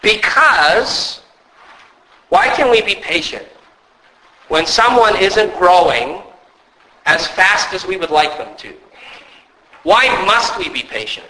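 Male pastor, sermon delivery, earnest and measured, slightly raised pitch. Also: very animated, pushed and bright, low-quality recording. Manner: earnest, measured preaching with storytelling asides.

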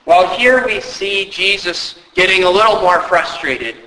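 A man preaching a sermon, often asking rhetorical questions and rising sharply in pitch for emphasis. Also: a little slow, sharp tone, big-room sound, slight background noise, poor audio. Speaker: pastor.

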